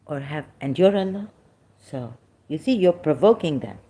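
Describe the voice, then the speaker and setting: A middle-aged woman with a low, mellow voice talks through religious questions off the cuff. She wanders from point to point, stopping on "uh" and restarting her sentences. It comes across as unscripted commentary. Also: lively intonation, moderate pace. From Pakistan. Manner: rambling and hesitant, with frequent fillers and restarts.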